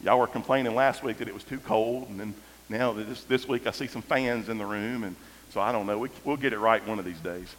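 Animated male preacher in echoey hall. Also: on the low side, brisk, a little hiss or hum. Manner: animated, storytelling, swings from shouts to hush. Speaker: pastor. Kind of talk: sermon. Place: large church hall.

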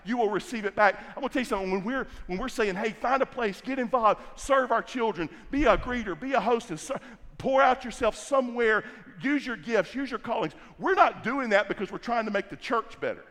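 A man's voice: extremely high pitch, animated, fairly bright tone. A middle-aged male pastor preaching a sermon, emphatic and repetitive, stretching key words for stress. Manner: emphatic, repeats phrases, drawn-out stresses. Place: large church hall. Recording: long hall reverb.

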